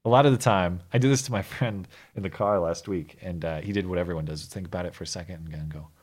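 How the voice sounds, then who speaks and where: A man co-hosting a podcast in casual chat, joking in a deadpan, trolling way. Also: sits low, fast. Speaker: podcast co-host.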